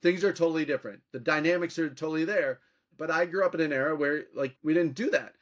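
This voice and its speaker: A man's voice: fairly high pitch, quick pace. A man from Minnesota, a political commentator, telling anecdotes as a podcast guest and acting out quoted exchanges. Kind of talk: storytelling interview talk.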